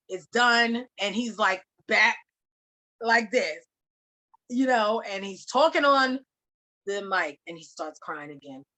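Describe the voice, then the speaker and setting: A woman hosting a podcast, telling a story in animated, slangy casual chat with some swearing. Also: medium pitch. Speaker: podcast host.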